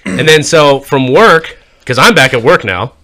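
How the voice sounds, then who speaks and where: A man co-hosting a podcast, talking in a bright, pushy tone. He tells profane stories and mimics the people in them. The chat is loose and casual. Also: medium pitch, very animated, a little slow. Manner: profane, storytelling, mimics others in quotes. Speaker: podcast co-host.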